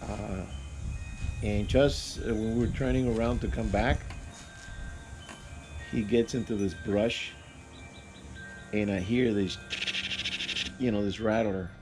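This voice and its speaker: A man telling a personal story in a casual, rambling way, with halting restarts and fillers. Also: fairly low pitch, steady tone, music in the background. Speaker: vlogger.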